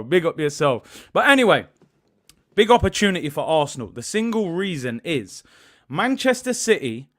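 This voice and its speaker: A man in his early thirties, possibly, hosts a live football watch-along, chatting casually, reading viewers' messages and shouting them out in lively bursts. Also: high voice. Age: 30s. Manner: animated, shouting out viewers and reading super chats. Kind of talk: casual live-stream chat.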